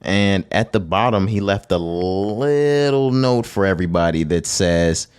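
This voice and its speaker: A young man co-hosting a podcast in casual, slangy chat, laid-back and quick to laugh. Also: deep voice, a little mellow, clean tone. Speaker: podcast co-host.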